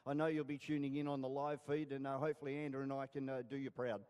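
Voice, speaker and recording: An Australian man co-commentating live powerboat racing in a relaxed, conversational way. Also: mid-range voice, fast, clean tone. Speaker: motorsport co-commentator.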